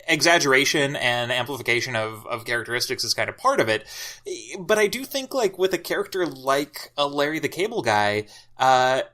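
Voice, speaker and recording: Man, podcast guest, reflective, halting delivery, bright clear tone. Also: a little high. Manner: hesitant, lots of filler words, reflective. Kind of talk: casual discussion.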